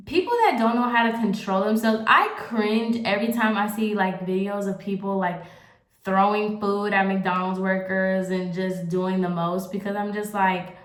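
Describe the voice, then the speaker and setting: A young woman vlogs from home while getting ready, rambling candidly to the camera and using "like" constantly. Her pitch is ordinary and mid-range, and her voice rings with the room's noticeable echo.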